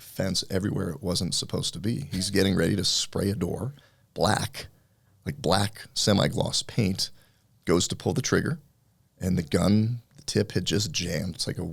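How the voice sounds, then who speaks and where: Middle-aged male guest, deep gravelly husky voice, lively storyteller doing voices. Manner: animated storyteller acting out voices. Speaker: guest, entrepreneur. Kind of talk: storytelling in casual interview.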